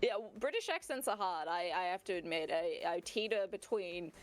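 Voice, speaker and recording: A woman's voice: lowish voice, lively intonation, fairly quick, faint music behind. A woman with a broad rural Australian accent, chatting as a guest in a casual online interview, playful and self-mocking. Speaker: guest streamer and artist.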